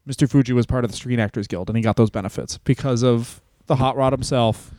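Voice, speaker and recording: A man co-hosting a podcast, rambling and joking in casual chat, now and then slipping into quick impressions. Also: mid-range voice, fairly even intonation, dark tone, dry recording. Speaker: podcast co-host.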